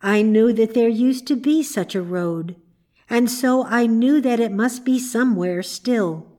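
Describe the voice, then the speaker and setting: A woman reading the part of a gentle grown woman who guides lost children, speaking earnestly and sincerely in a storybook. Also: on the high side, a little slow, lightly acted.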